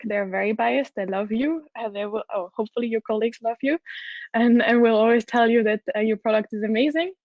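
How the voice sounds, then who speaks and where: Brief: woman with a French accent, conference speaker, fairly high voice, earnest and keen, dull dry recording. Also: dry recording. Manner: enthusiastic, earnest, with frequent restarts. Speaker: head of product, conference speaker. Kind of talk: conference talk.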